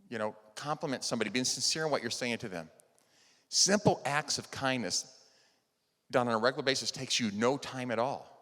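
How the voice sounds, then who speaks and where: Earnest man speaking in a reverberant hall. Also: mid-range voice. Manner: earnest storytelling, swings between loud emphasis and soft hushed lines. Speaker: conference speaker. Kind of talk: motivational keynote talk. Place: large event hall.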